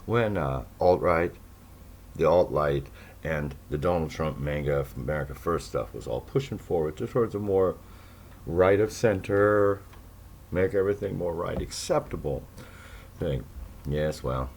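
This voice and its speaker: Man, solo podcast host, deep bass voice with a faint hiss behind it, sarcastic and rambling. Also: lively intonation, measured pace, a little mellow. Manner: sarcastic, rambling, with mocking asides. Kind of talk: casual monologue to listeners.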